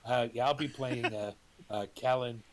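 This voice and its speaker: A middle-aged man at an ordinary middle pitch, joking with his tabletop group. He hesitates and fills in with ums as he introduces his character. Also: steady tone, a little slow. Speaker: player. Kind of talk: casual chat and character introduction.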